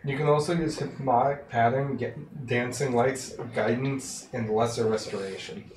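A man's voice: mid-range voice, steady tone, normal speed, echoey room, heavy background noise. A man at a tabletop role-playing game, explaining rules in a matter-of-fact way. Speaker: player.

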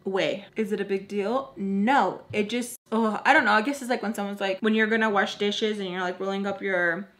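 A young woman vlogger casually telling a storytime while doing her makeup, animated and exasperated, acting out the voices in her quotes. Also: medium pitch, normal speed, few pauses.

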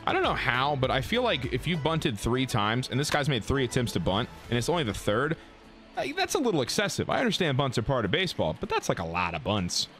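A man giving live gameplay commentary, excitable and full of profane trash talk. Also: mid-range voice, fairly quick, faint music behind. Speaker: gaming YouTuber.

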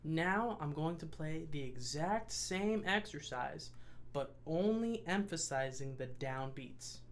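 A young man giving a percussion lesson, explaining calmly and slowing down to stress key points. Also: on the high side. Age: young adult. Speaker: percussion student teacher. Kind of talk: instructional lesson.

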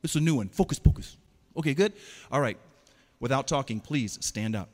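A man's voice: medium pitch, animated. Playful man in a reverberant hall. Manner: playful, gives quick commands and teases the audience. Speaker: children's stage performer. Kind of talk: interactive stage show for children. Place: large hall.

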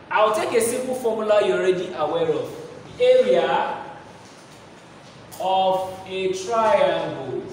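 A man's voice: high-pitched, a little mellow, a little hiss or hum. A man teaching a maths lesson, asking rhetorical questions and repeating key phrases. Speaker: mathematics teacher. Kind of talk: classroom lesson. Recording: echoey hall, voice from far off.

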